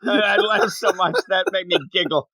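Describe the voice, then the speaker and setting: A man co-hosting a casual podcast, talking with animated energy and laughing often as he acts out bits. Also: high voice, moderate pace, dry recording, low-quality recording. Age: adult, not young. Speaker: podcast co-host.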